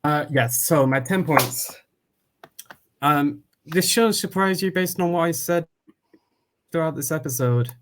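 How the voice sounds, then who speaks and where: A man's voice: a little high, measured pace, pauses often, a bit bright, a little hiss or hum. A man co-hosting a podcast in casual chat, hesitant and joking, with many fillers. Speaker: podcast co-host.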